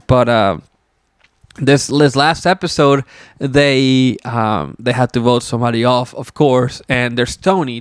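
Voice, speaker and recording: A man's voice: medium pitch, clean tone, no echo, studio quality. A young man hosting a casual solo podcast, rambling loosely with lots of fillers and some swearing. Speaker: podcast host.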